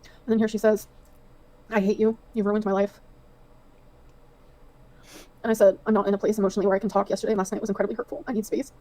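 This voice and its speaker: A woman's voice: mid-range voice, level tone, quick pace, long pauses, dark tone. A woman streamer talking casually and reading messages aloud, played from a livestream clip.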